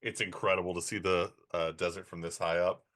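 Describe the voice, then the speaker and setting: A man running a tabletop game as game master, setting scenes in slow, descriptive narration. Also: sits low, little pitch movement, fairly bright tone, no echo, studio quality.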